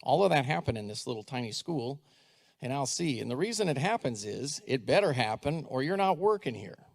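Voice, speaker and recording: Gravelly middle-aged man telling a story. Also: medium pitch, fairly quick. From United States. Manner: animated storyteller, acts out dialogue, asks the audience questions. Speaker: school superintendent giving a talk. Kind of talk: storytelling speech to a live audience.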